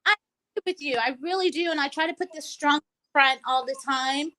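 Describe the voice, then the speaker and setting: A woman co-hosting a casual talk show speaks with a high-pitched, pushed, bright voice at a slightly fast pace. Her emotional chat is earnest and tearful, full of restarts, and the recording is rough.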